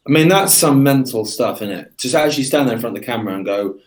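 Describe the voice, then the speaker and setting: Wry man, mid-pitched chatty voice. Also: expressive, quick pace, few pauses. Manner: wry, sarcastic, acts out mock quotes. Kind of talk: casual interview chat.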